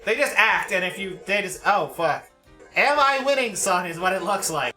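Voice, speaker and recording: A man's voice: sits high, animated, moderate pace, bright, forceful tone, soft background music. A man streaming a video game, swearing freely as he gives running commentary on his play.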